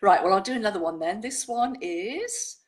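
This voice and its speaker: A woman presenting a show, chatting and reading listeners' poems aloud in a measured way. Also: medium pitch, lively intonation.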